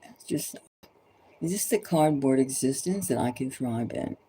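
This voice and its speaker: A woman's voice: rumbling low, lively intonation, normal speed, dark tone, slight background noise, poor audio. A woman tarot reader giving an impassioned, preachy monologue full of urgent repeated exhortations, sometimes dropping to a whisper.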